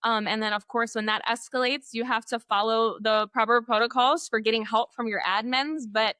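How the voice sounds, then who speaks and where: A woman educator in an interview, telling classroom stories in an animated way, acting out students and laughing often. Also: fairly high pitch, moderate pace, smooth, no room sound, studio quality. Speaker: guest, literacy educator. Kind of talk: conversational interview.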